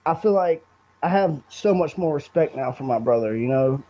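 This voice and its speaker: A man's voice: a little high, animated, normal speed. A young man, a podcast guest, talking earnestly and bluntly in long rambling stories. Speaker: guest, brother of the subject. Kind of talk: emotional storytelling in a podcast interview. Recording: dull lo-fi recording.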